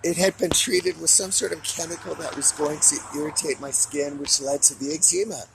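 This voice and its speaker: Gravelly, furious vlogger man ranting. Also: a little high, fairly even intonation, fairly quick, noisy background. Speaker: vlogger giving a weekly update. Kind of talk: angry monologue to camera.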